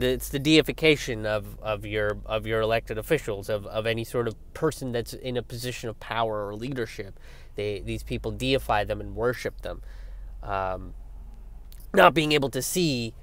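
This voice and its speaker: A man's voice: mid-range voice, fairly bright tone. A young man hosting political commentary, talking in a sarcastic, profane rant and sliding into mocking put-on voices.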